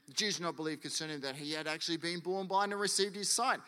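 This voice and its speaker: A man preaching a sermon, animated and acting out quotes and stories. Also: on the high side, fast, clear, resonant tone. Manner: animated, acts out quotes and anecdotes. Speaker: pastor. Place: church hall. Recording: long church hall reverb.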